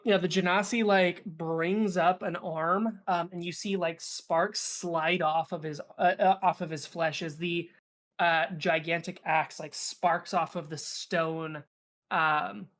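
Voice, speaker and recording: A man's voice: fairly high pitch, fairly even intonation, measured pace, a bit bright. A young man narrating as game master, rambling with lots of fillers and restarts.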